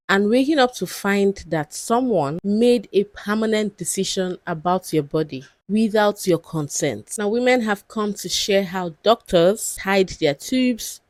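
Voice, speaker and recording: A woman's voice: mid-range voice, darkish tone, no echo, studio quality. A woman hosting a video, giving an earnest, emphatic introduction. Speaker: video host.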